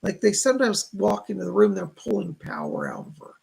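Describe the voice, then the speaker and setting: A man hosts live psychic readings, reading out viewers' messages and passing on what the spirits tell him. His voice is heavily gravelly and rough with rasp. His pitch swings widely as he talks. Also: wildly swooping pitch, brisk, a little mellow, low-quality recording. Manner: reads viewer messages aloud and relays spirit messages. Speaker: psychic reader, show host.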